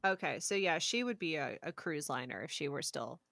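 A woman's voice: deep voice, animated, vocal fry, fairly bright tone, no room sound, studio quality. Chatty woman co-hosting a podcast. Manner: chatty, teasing, quick asides. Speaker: podcast co-host. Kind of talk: casual podcast chat.

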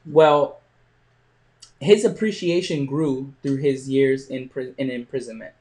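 Halting man telling a motivational story. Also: mid-range voice, darkish tone. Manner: halting, with frequent pauses and restarts. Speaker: podcast host.

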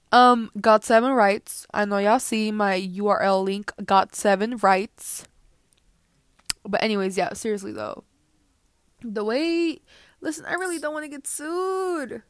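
A woman's voice: a little high, a little slow, clean tone, no room sound. Young woman ranting casually into a dry mic. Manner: rambling, joking, drops into whispers for asides. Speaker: podcast host. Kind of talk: casual rant.

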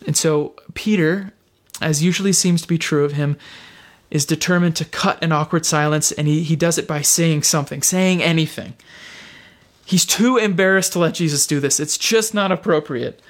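A man preaching a sermon, retelling a scene in a reflective, storytelling way with slow, deliberate phrasing and pauses. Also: on the high side.

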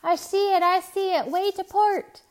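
A weathered old seaman, put on by a woman reading a storybook aloud, speaks in a lilting dialect. His voice sits fairly high for an old man and carries loud, urgent calls. He stays steady and protective. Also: measured pace. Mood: shouting.

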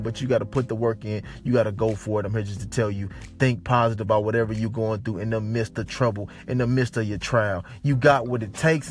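Fired-up male motivational speaker. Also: lowish voice. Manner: emphatic and repetitive, swings from hushed to shouting. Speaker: motivational speaker and show host. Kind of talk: motivational pep talk.

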